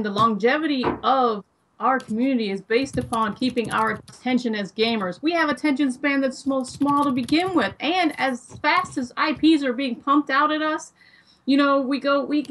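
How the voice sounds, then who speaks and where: A woman's voice: a little high, a bit bright, recorded from a distance. Opinionated woman co-host, a bit off-mic. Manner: opinionated, argues a point at length. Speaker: podcast co-host. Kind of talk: casual chat.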